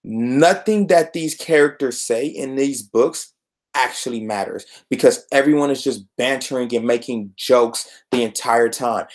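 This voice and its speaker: A man's voice: medium pitch, measured pace. A young man in a mid-range voice vents about a comic he dislikes, sarcastic and exasperated. He repeats himself for emphasis and keeps jumping between gripes. It sounds like a one-man podcast review.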